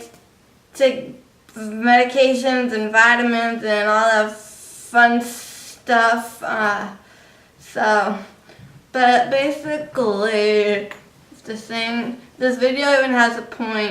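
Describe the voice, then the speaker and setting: Slow, bright-voiced young woman rambling. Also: a little high. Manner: rambling, filler-heavy, confiding. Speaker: vlogger. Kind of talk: casual rambling vlog monologue. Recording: echoey room, distant mic.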